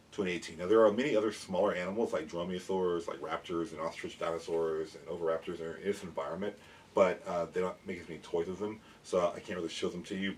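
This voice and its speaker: A man with a very deep voice gives an eager, rambling dinosaur lesson in a casual show-and-tell. He often restarts his sentences. The mic sits a little way off, with faint noise behind him. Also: darkish tone, far from the mic. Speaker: dinosaur educator and toy collector.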